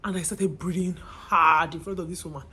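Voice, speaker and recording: Husky-voiced young Nigerian woman vlogger. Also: fairly low pitch. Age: 20s. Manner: emotional, lively retelling. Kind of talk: casual storytelling.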